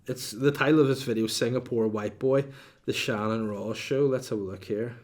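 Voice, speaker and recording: Man, podcast host, casual solo chat, cheeky, rambling, medium pitch. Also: moderate pace, a little mellow. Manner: chatty and cheeky, reading out listener questions.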